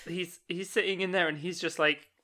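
Man, podcast co-host, bright forceful voice, laughing recap, casual swearing. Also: sits high, moderate pace. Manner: animated storytelling, laughing, swears. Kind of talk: casual chat.

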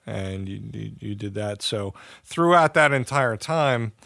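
A man's voice: on the low side, animated, measured pace, creaky, a bit bright, dry recording, clean studio sound. A man hosting an interview, talking in a loose, conversational way. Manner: conversational, rambling with fillers. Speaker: host, interviewer.

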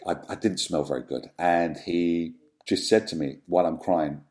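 A man, a guest in an interview, telling his own story in a reflective, halting way with many ums and restarts. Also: low-pitched, a little mellow. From London, England. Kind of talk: candid personal storytelling in an interview.

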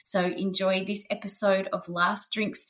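A woman's voice: mid-range voice, little pitch movement, measured pace, fairly bright tone. A woman hosting a podcast in a chatty, upbeat way, full of fillers and asides. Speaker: podcast host. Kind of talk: casual chat.

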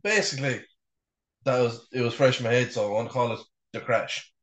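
A man's voice: medium pitch, fairly bright tone. Self-mocking man in an echoey room. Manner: sweary, self-mocking, halting with many fillers. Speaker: podcast co-host. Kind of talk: casual chat. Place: bedroom.

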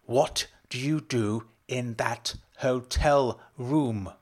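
A man's voice: mid-range voice, normal speed, pitched above the performer's own voice, lightly acted. A man reading a story aloud, voicing a married woman who snaps angry accusations at her husband and his friend. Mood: furious. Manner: accusing, snapping, loud. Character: middle-aged wife, furious, accusing, sharp-tongued.

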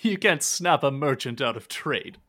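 A man voicing a charming, smooth-talking male merchant held captive on a ship, in a tabletop game. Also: medium pitch. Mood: suave. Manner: polite, flattering, unhurried.

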